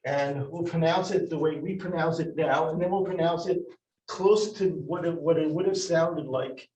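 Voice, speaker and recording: Male teacher at a board, slightly high voice, roomy classroom sound from across the room; halting, questioning delivery. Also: darkish tone, slight background noise. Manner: explains step by step with many restarts and questions to the class. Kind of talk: classroom lesson. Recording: roomy, from far off the mic.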